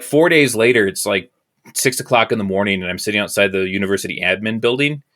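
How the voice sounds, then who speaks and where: A man in his thirties, a podcast guest, telling his story in candid conversation, animated and swearing freely as he acts out the voices of people he quotes. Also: on the low side.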